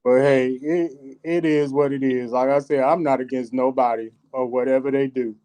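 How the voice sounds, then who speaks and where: A man's voice: medium pitch, steady tone, moderate pace, warm tone, smooth. A man who is a guest on a casual live podcast, speaking in an earnest, encouraging way. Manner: earnest and encouraging, with churchy turns of phrase.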